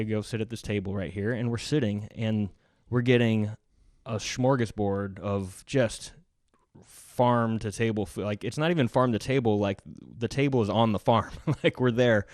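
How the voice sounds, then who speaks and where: A man's voice: on the low side, fairly even intonation, measured pace, darkish tone, no room sound, clean studio sound. A man hosting a podcast, telling a travel story in casual conversation, chatty and laughing between lines.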